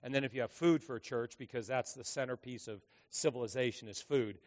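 A man's voice: mid-range voice, fairly quick. A middle-aged man preaching a sermon as pastor, telling stories with jokes and acting out the voices of people in them. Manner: animated, joking storyteller who acts out voices.

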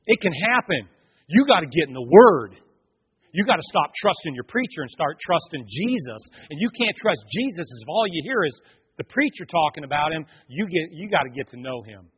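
A man preaching a sermon, telling stories with lively acted voices and loud shouts. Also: mid-range voice, husky. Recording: echoey hall, dull lo-fi sound.

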